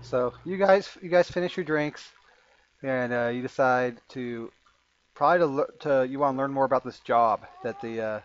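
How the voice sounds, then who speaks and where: A man's voice: medium pitch, no echo. Game master guy, lots of uh's, muffled lo-fi sound. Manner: halting, with many fillers and restarts. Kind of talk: narrating a tabletop game.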